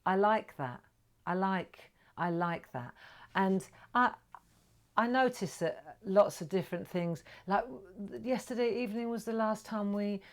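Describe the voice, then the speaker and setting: A middle-aged woman hosting a live craft stream, chatting warmly with viewers, greeting them brightly and sometimes dropping to a whisper. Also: medium pitch. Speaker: craft livestream host.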